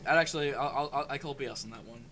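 Rambling, bright-voiced man. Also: mid-range voice, racing, slight background noise. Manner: rambling storyteller, many fillers, loud shouted bits. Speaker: co-op gaming commentator. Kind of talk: casual gameplay chat.

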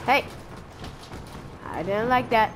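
A woman giving casual, playful gameplay commentary and taunting her opponents out loud. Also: on the high side, takes it slowly, noisy background. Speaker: gamer.

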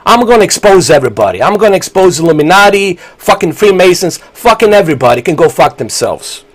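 Man, 40s, fairly high voice, furious profane game-stream rant. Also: big pitch swings, fast. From Bosnia. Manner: angry, profane, combative. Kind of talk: ranting live-stream commentary.

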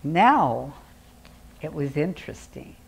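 A woman's voice: low voice, slow, vocal fry, slight background noise. Older woman telling a children's story. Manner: expressive, animated storytelling.

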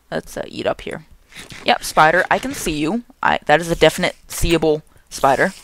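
A young man hosting a gaming channel, giving jokey, excitable let's play commentary and talking to the game's monsters. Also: fairly high pitch, normal speed, creaky, long pauses.

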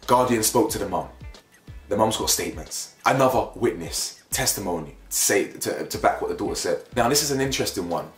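A young man giving a heated opinion commentary for his vlog, emphatic and animated, repeating phrases to drive his point home. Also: on the low side, brisk. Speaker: YouTube commentator. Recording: echoey room with faint music bed.

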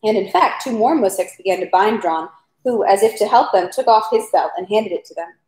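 A woman reading a novel aloud at home, steady with occasional stumbles over words. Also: medium pitch, fairly quick. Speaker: reader. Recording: roomy echo.

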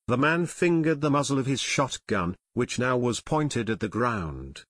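A man narrating an adventure audiobook in a steady, measured way. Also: mid-range voice, no room sound, studio quality. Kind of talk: scripted narration.

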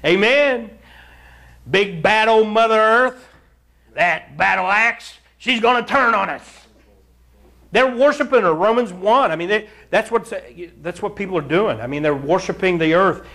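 A preacher with a high-pitched male voice leads his congregation through scripture verse by verse. He tells the stories with lively energy, acting out scenes and laughing along the way. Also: measured pace. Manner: animated storyteller, acts out scenes and chuckles often; addresses the congregation directly, urging them to read along. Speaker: pastor. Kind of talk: sermon, verse-by-verse Bible teaching.

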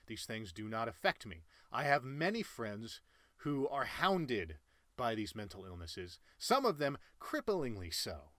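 A man in his late twenties talking earnestly and emphatically about life lessons, with sudden loud jumps in pitch. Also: dry recording, clean studio sound. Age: late 20s. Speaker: cartoon channel creator. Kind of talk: personal life-lessons monologue.

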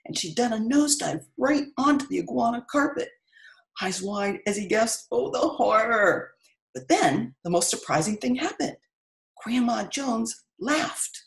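Animated middle-aged woman storyteller. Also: fairly high pitch, poor audio. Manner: expressive, animated reading. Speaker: author reading her book aloud. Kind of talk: read-aloud storytelling and live-stream chat.

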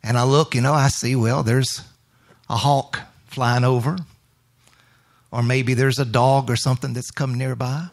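Male minister, unhurried reflective sermon delivery, mid-pitched voice, quotes scripture. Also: fairly even intonation. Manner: slow, reflective, scripture quoting. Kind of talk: spontaneous sermon during worship.

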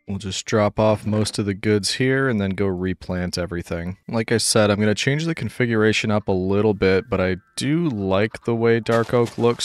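A man narrating his gameplay casually with dry, wry humor, talking to the animals as he goes. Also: deep voice. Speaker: gaming YouTuber.

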